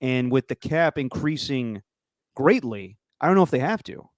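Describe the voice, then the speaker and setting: A man co-hosting a sports podcast, jokey and excitable, stumbling over his words. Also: medium pitch, normal speed, dry recording, studio quality. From Italian heritage. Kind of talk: casual chat.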